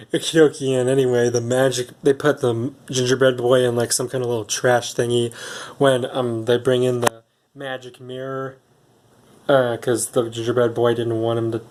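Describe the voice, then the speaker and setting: Brief: everyday guy retelling a movie plot, rambling and unsure, middle-of-the-road pitch. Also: little pitch movement, moderate pace, a little mellow, a little hiss or hum. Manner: rambling, hesitant, many ums and restarts. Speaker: movie reviewer. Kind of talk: casual film recap.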